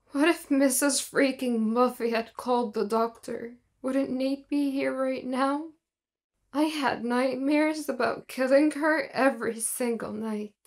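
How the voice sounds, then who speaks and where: A woman's voice: on the high side, a little mellow. A young woman narrating her own story in the first person, in an earnest, plain manner.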